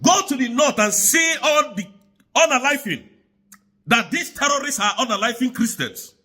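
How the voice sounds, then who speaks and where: A man's voice: very high voice, lively intonation, normal speed, pushed and bright. A man from Nigeria delivering an angry, insistent political rant to the camera, repeating his points. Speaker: political commentator.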